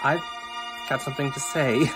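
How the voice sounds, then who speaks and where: A man singing as an earnest, clean-cut young man proposing, in a bright stage-musical show tune from a film. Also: medium pitch, steady tone, moderate pace, over music, close to an everyday voice. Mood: devoted.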